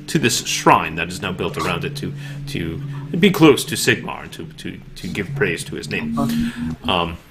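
A man's voice: sits low, pushed and bright, exaggerated voice. A man playing a pompous Templar knight. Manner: halting, repeats words, stately speech. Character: stiff formal male Templar of Sigmar, pompous.

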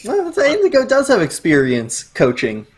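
A woman's voice: mid-range voice, wildly swooping pitch, normal speed. A woman taking part in a tabletop role-playing game, joking and playful in character. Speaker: player.

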